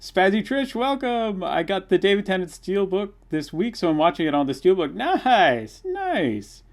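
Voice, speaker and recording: A young man hosting a live watch-along stream, reading viewers' comments aloud and chatting excitedly as a fan. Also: high voice, brisk. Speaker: livestream host.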